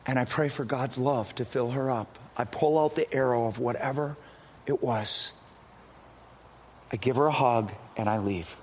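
A man's voice: mid-range voice, moderate pace, a little hiss or hum. A middle-aged male pastor telling a personal story in an earnest sermon, often restarting his sentences.

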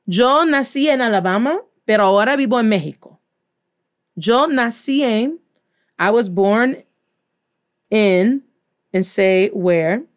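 A woman from the United States, a teacher giving an animated language lesson, playful and slowly spelling words out letter by letter. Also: mid-range voice, clear, resonant tone. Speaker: Spanish teacher.

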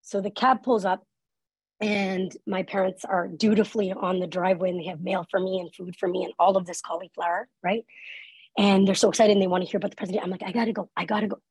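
A woman's voice: medium pitch, little pitch movement, quick pace, a little mellow, husky, no echo, rough recording. A woman speaking on workplace inclusion, telling a personal story in an earnest, conversational way, often saying "like" and "right?". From Canada. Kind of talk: live talk with a personal story.

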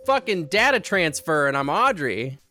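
A woman co-hosting a casual podcast from home, excitable and swearing freely, a little out of breath. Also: deep voice, moderate pace, faint music behind. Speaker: podcast co-host. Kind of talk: casual chat.

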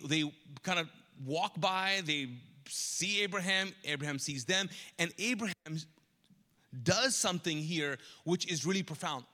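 Pastor, male, bright and fairly high voice, chatty live sermon, acts out Bible characters, reverberant church hall. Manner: conversational, asks the congregation to answer. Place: large church auditorium.

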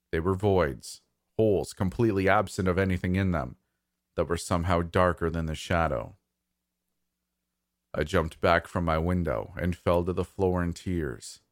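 A man narrating a first-person horror story in a slow, measured, somber way. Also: low-pitched, no room sound, studio quality.

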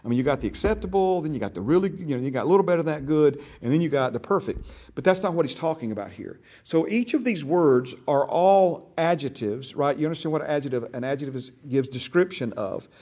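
A man's voice: on the high side, animated, fast, dark tone. A man teaching a church discipleship class in a folksy, conversational way. He often checks in with his listeners and restarts his sentences. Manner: checks in often with "right?" and "okay?"; folksy, with frequent restarts and repeated words.

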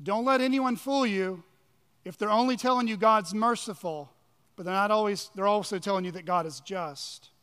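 High-voiced preacher in a reverberant hall. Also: male voice, a bit bright, smooth. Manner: emphatic preaching with dramatic pauses and sudden drops in volume. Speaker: pastor. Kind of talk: sermon. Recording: long reverb of a large hall.

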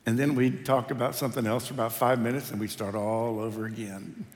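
A man's voice: medium pitch, fairly even intonation, brisk, a little hiss or hum. Guy pastor preaching, easygoing, lots of uhs, reading scripture, echoey church. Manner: conversational, storytelling with hesitations. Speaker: senior pastor. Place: church sanctuary. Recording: reverberant church hall.

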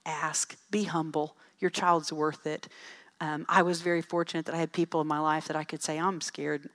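A middle-aged woman speaking to a church audience, telling folksy, animated stories with asides about parenting. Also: low voice, normal speed. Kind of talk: storytelling talk to an audience.

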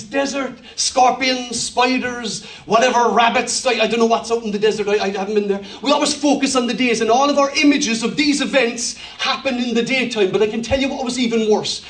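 A man with an Irish accent and a very high voice preaches in a lively, joking way, rising to shouts at high points. His voice rings through a roomy church and sounds set back from the mic. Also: distant mic. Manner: humorous, lively, shouting at climaxes. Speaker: pastor. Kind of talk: sermon.

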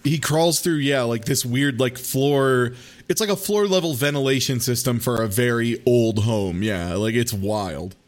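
A man's voice: medium pitch, a little slow. A man co-hosting a podcast, telling scenes animatedly and laughing often. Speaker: podcast co-host. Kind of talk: casual chat.

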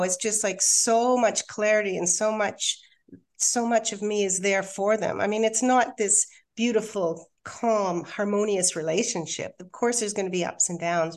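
Candid woman telling her story. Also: mid-range voice. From Australia. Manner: candid, emotional, halting with restarts. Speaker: guest, hypnotherapist and coach. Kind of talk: personal storytelling and poetry reading.

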